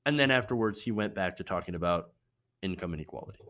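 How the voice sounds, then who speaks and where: A political commentary host runs an opinion show, speaking emphatically and sarcastically and repeating lines for effect. His voice is low yet fairly bright in tone, and he talks fast and expressively.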